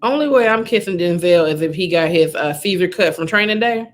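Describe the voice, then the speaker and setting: A woman's voice: lowish voice, animated, fairly quick, very noisy. A woman hosting a casual online talk show, asking playful questions with a teasing, sassy manner. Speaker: show host. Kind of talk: casual interview chat.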